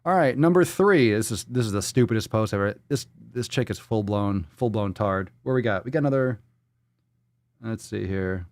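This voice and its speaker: A man hosting a live podcast, ranting in a profane, sarcastic, mocking way, jumping from loud outbursts to muttered asides. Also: fairly low pitch, animated, normal speed, dry recording. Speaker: podcast host. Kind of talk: live-stream podcast rant.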